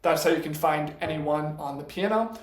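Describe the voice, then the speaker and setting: A man teaching a casual piano lesson, patient, explaining step by step and counting notes out loud. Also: fairly high pitch, moderate pace. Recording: echoey room with piano playing. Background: piano notes between lines.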